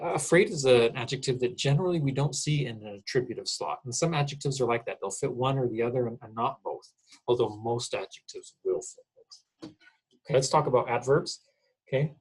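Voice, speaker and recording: A man's voice: mid-range voice, slightly rough, low-quality recording. A middle-aged man, a college English instructor, explains grammar in a casual recorded lecture, often checking in with "okay?".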